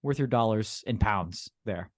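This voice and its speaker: A man co-hosting a podcast in casual chat, a relaxed storyteller who laughs often. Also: on the low side, unhurried, dry recording, studio quality. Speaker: podcast co-host.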